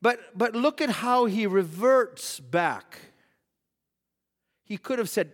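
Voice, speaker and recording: A man's voice: sits high, animated, a little slow, long pauses, long reverb tail. A man preaching a sermon, reading scripture aloud and building to emphatic, rising appeals. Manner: preaching with rising emphasis, voicing quoted prayers.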